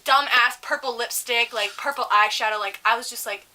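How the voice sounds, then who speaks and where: A young woman co-hosting a casual chat show, telling a story in an animated, profane, ranting way. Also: a little high, moderate pace. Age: young adult. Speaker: podcast co-host.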